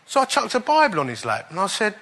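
Male preacher, fairly high and bright voice, lively testimony-style sermon with chuckles. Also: fast. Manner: animated testimony, chuckling through the funny parts. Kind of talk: storytelling sermon.

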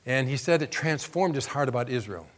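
A man's voice: medium pitch, expressive, a little fast. Conversational male preacher. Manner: conversational, asks the audience questions; rises to emphatic when reading scripture. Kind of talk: sermon.

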